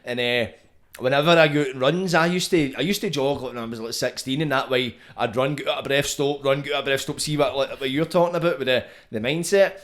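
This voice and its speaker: A man's voice: mid-range voice, fast, a bit bright. A Scottish man hosting a podcast, chatting in slangy, sweary banter and laughing easily. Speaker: podcast host. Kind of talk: casual podcast chat.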